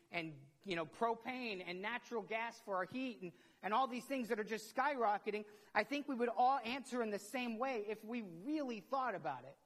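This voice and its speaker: A man's voice: sits high, a bit bright. A middle-aged man, preaching a conversational sermon as a pastor, asking himself questions and repeating words as he builds up. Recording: long hall reverb.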